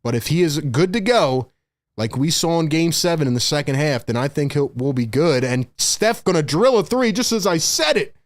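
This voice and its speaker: An excitable young man calls a basketball game live for his stream audience. His voice sits a little high, and he sounds breathless, jumping between quick play-by-play and chatty asides to viewers. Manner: excitable, breathless, talks straight to chat.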